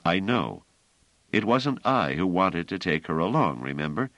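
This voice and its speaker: Irritable pilot guy read by the narrator, curt and snappy, deep voice, dry sound. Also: very animated, unhurried, a bit bright, no room sound, full character voice. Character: tense, short-tempered adult male pilot.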